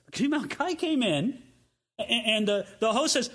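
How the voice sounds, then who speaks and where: A man's voice: extremely high pitch, normal speed. A man preaching a sermon, reading scripture and acting out the voices of the people in the story. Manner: animated, acts out voices of listeners and the king. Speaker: pastor.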